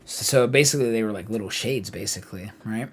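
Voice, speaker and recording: A man streaming a live game playthrough, reading the text aloud with animated asides. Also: lowish voice, quick pace, slight background noise.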